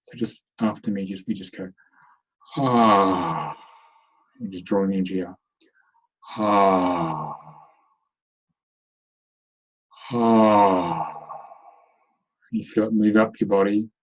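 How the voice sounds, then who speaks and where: A man leading a guided meditation in an online webinar, giving slow, soothing instructions. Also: fairly low pitch, flat delivery, dark tone, husky, lo-fi sound. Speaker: meditation teacher.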